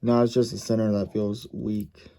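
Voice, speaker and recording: A man's voice: on the low side, flat delivery, normal speed, vocal fry, dark tone. A man casually reviewing a model race car, thinking aloud and correcting himself as he goes.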